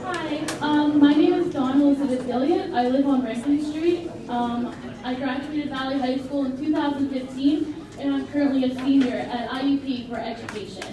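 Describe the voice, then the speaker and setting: A woman's voice: high voice, fairly even intonation, normal speed. A young woman in her twenties, a teacher, giving an emotional, impassioned public comment at a council meeting. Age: 20s. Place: large meeting hall with a crowd. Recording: echoey hall, distant, crowd noise.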